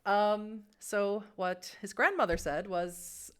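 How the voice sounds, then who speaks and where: A woman's voice: lowish voice, normal speed, a bit bright. A woman narrating as game master of a tabletop game, chatty, with many fillers.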